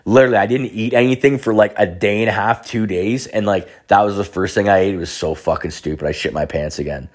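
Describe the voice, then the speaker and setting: Profane young man, lowish voice. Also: fast talker, few pauses. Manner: profane, rambling, many restarts and fillers. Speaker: storyteller. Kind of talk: casual personal anecdote.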